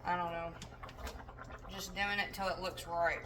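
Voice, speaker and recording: A woman's voice: on the low side, level tone, unhurried, recorded from a distance, background noise. A young woman chatting casually while cooking in her home kitchen, rambling with self-deprecating asides. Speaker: home cook vlogger.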